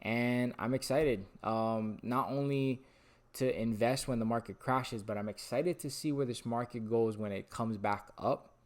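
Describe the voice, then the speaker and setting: A young man talking excitedly to camera about sports card investing, rambling and losing his train of thought. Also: mid-range voice, unhurried. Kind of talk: casual talking-head monologue.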